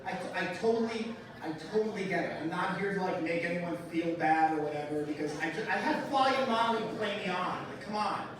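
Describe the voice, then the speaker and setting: A man's voice: high-pitched, brisk, few pauses. A man doing a stand-up comedy set in a club, with a brash, profane, mock-outraged delivery. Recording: roomy live club sound, mic heard from a distance, crowd. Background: audience laughter.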